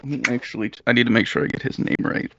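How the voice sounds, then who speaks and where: A man's voice: mid-range voice, steady tone, racing, a bit bright, lo-fi sound, slight background noise. A man narrating as game master in a casual, filler-heavy way.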